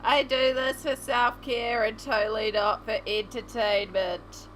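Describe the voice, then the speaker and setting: A woman's voice: fairly high pitch, little pitch movement, a little slow, a bit bright, faint music behind, rough recording. A woman streamer chatting casually to her viewers while colouring, giggling often. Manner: chatty, giggly, talks to chat.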